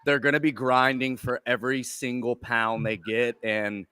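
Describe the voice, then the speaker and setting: A man talking as a podcast guest, hyped and pitching ideas. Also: flat delivery, moderate pace, bright, forceful tone, clear, resonant tone, dry recording, clean studio sound. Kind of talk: casual chat.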